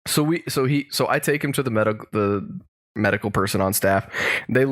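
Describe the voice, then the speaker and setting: A man's voice: lowish voice, fairly quick, a bit bright. A man co-hosting a podcast, telling a long story in casual chat with many restarts and chuckles. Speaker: podcast co-host.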